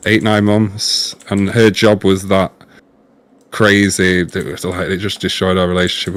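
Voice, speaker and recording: A man in casual gaming-stream chat, earnest and chatty, often repeating words while he thinks. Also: deep voice. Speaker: guest streamer.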